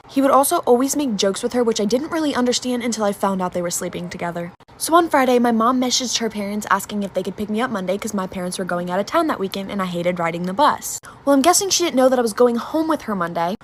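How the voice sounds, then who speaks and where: Woman, fast-talking, slightly high voice, gossipy, story time. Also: a little hiss or hum. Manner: rapid, gossipy.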